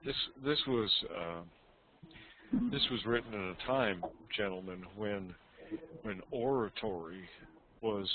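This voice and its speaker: A male student, a native Russian speaker, speaking English in an online lesson, halting and repeating words as he searches for them. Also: on the low side. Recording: tinny call audio, faint hiss.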